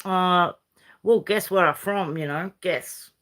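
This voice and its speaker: A woman's voice: on the low side, slow pace, a bit bright. An older woman from Uruguay with a Uruguayan Spanish accent, Spanish her first language, chatting and ranting in a rambling way to her camera, sprinkled with Aussie slang and mild swearing. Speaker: vlogger. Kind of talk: casual rambling rant.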